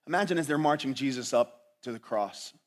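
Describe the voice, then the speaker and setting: A man preaching a sermon as pastor, swinging from loud, dramatic lines to hushed ones and asking his listeners rhetorical questions. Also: medium pitch, brisk. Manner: asks the audience rhetorical questions.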